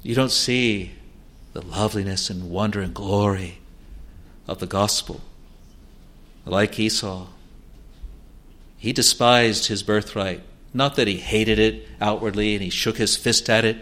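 Man, preacher, sermon, earnest and pleading, unhurried, loud urging and quiet asides. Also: lowish voice, steady tone.

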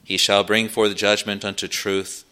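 Slow, bright-toned male preacher. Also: on the low side, little pitch movement. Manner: slow, earnest preaching with frequent "uh" pauses. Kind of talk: sermon.

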